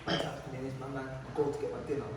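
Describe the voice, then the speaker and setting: A young man with a London accent telling a youth audience an animated story full of slang and sound effects. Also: medium pitch, rapid-fire. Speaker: motivational speaker at youth event. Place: large hall at youth event. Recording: echoey hall, distant mic, background noise.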